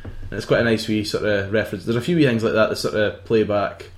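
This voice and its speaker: A man's voice: lowish voice, fairly even intonation, quick pace, a little hiss or hum. A man chatting casually about a film, dropping dry, joking asides. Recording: roomy echo.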